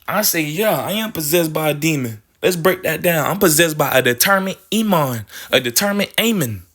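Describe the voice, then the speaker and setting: A man's voice: a little high, expressive, moderate pace, fairly bright tone. A man delivering a rambling spiritual monologue, playing with words, restarting phrases and checking in with "you feel me". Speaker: spiritual speaker.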